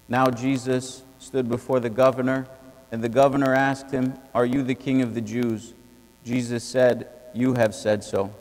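Male reader, flat and even liturgical delivery, cathedral reverb trailing every phrase. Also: normal speed. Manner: steady, even reading with little pitch movement. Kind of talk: liturgical scripture reading. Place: large cathedral.

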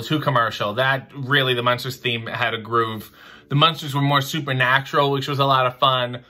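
A man's voice: mid-range voice, fairly even intonation, fairly quick, pushed and bright. A man hosting a question-and-answer video, reading viewer questions and answering with dry, theatrical, mock-pompous humor. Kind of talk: casual chat.

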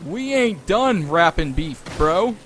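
A woman's voice: fairly low pitch, lively intonation, slow pace, a little hiss or hum. A woman streaming a co-op game, bantering crudely and swearing constantly, tossing in dude and bro. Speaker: gaming streamer. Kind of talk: profane improvised co-op gaming banter.

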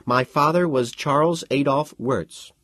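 A man voicing a sharp-witted, defiant young woman student who answers in a cool, precise, sardonic way, in a husky, dry audiobook read. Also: medium pitch, a little slow, no echo, pitched above the performer's own voice. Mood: steady, defiant.

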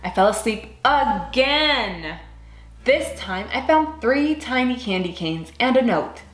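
A woman reading a children's picture book aloud in an expressive, sing-song way. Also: fairly high pitch, slow pace, roomy sound, soft background music. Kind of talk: read-aloud storytelling.

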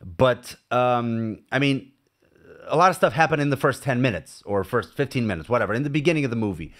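A man's voice: medium pitch, expressive, fairly quick, a bit bright. A man from Portugal hosts a casual podcast interview. He talks in a chatty, enthusiastic way and leans on fillers as he thinks aloud. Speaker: podcast host.

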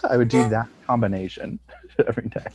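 A man's voice: medium pitch, steady tone, normal speed, darkish tone. A young man guest on a podcast, rambling in casual chat and laughing often. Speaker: comedian guest.

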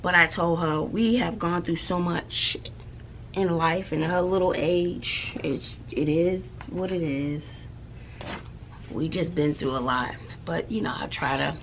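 Gravelly woman telling stories slowly. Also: low-pitched, slight background noise. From Texas. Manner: animated and dramatic, drops to hushed asides. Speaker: schoolteacher and mother. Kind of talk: casual chatty vlog storytelling.

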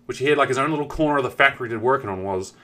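A man's voice: medium pitch, racing, sharp tone. A man streaming and chatting casually, rambling with lots of fillers and swearing while acting out what people said. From New Zealand. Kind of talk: casual chat.

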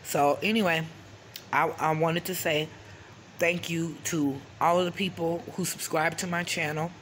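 A woman's voice: low-pitched, fairly even intonation, unhurried, a bit bright, slight background noise. A middle-aged woman hosting her own vlog, talking bluntly and angrily with lots of swearing, often checking in with "okay?". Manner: blunt, profane, keeps asking "okay?"; vents anger openly. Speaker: channel host. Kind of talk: casual vlog talk to camera.

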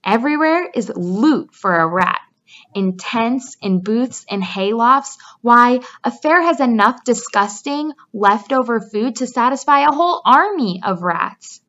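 A woman's voice: fairly high pitch, expressive, unhurried, a bit bright. A woman voicing an old, knowing female sheep who coaxes and relishes long lists, in a dull lo-fi recording. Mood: coaxing.

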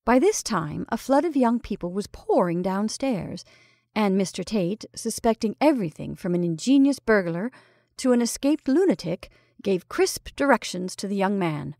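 A woman reading a classic short story aloud in a measured, expressive storytelling style. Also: medium pitch, vocal fry, no room sound, studio quality. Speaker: story reader. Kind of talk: scripted storytelling narration.

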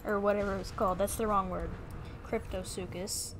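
A woman's voice: medium pitch, fairly even intonation, normal speed, background noise. A young woman giving playful, chatty commentary while streaming a video game, often exclaiming and talking to the creatures on screen.

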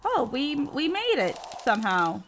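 A woman's voice: sits high, huge pitch swings, a little slow, background noise. A woman hosting a casual reaction video, exclaiming, laughing and talking back to the screen. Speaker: host reacting to a cartoon. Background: faint cartoon audio underneath.

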